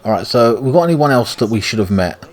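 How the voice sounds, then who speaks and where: British man, gaming commentary, profane and ranting, mid-pitched voice. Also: expressive, quick pace. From Britain. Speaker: gaming YouTuber. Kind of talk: let's play commentary.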